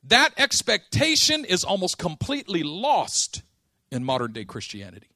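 A man's voice: sits high, huge pitch swings, normal speed, pushed and bright, no echo. A man preaching a sermon, stressing key words with emphatic rises.

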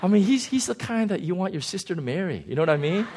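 Guy preaching a sermon, chatty and animated, voice goes up and down a lot. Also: sits high, quick pace, a little hiss or hum. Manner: animated, conversational, chuckling. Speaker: pastor.

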